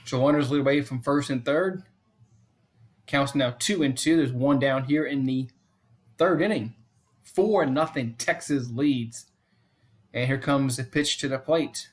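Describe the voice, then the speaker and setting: A man hosting a fan live stream, giving casual play-by-play commentary, repeating the count and score often and chatting to viewers between pitches. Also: unhurried.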